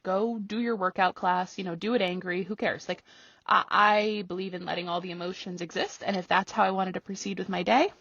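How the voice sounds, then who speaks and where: A woman hosting a podcast tells a personal story in a casual, lively way. She laughs often and jumps high when she acts out her own reactions. Her voice is slightly husky, recorded dry and a little muffled. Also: dry recording. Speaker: podcast host.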